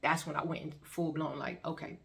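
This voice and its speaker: Woman, lower register, emotional testimony told with repeated phrases and acted-out quotes. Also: fairly even intonation, brisk, creaky. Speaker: testimony vlogger.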